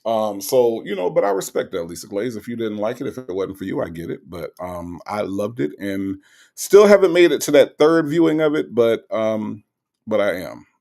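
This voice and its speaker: A man's voice: on the low side, big pitch swings, normal speed, creaky, mellow. A man hosting a livestream in casual chat, reading out viewer comments and teasing them playfully. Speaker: livestream host.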